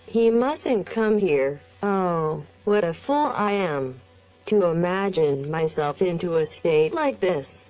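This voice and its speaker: A text-to-speech woman's voice reading the lines of a nervous young wife, flat and slow. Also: on the low side. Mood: uneasy. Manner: hasty, strained.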